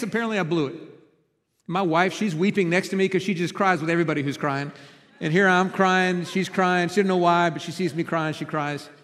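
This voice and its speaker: A man preaching a sermon as pastor, telling a personal story and swinging from loud urgency to hushed quiet. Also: high voice, long reverb tail. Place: church hall.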